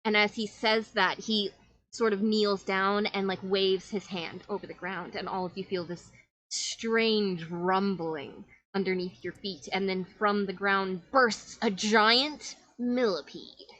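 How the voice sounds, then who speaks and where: A woman's voice: medium pitch, fairly even intonation, slow pace, a bit bright, low-quality recording. A woman narrating a tabletop game as game master, in flowing, descriptive storytelling.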